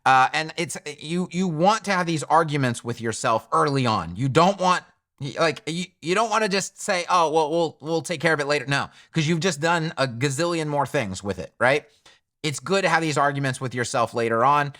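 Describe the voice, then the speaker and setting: Bright-voiced man thinking aloud. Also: a little high, lively intonation, normal speed. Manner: thinks aloud, chatty and self-correcting. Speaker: web design tutor. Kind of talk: screen-recorded coding tutorial.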